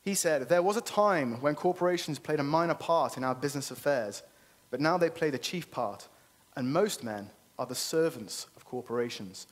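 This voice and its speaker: A man's voice: fairly high pitch, animated, moderate pace. A man giving an earnest, persuasive conference talk and often checking in with "okay?". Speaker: conference speaker. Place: conference venue.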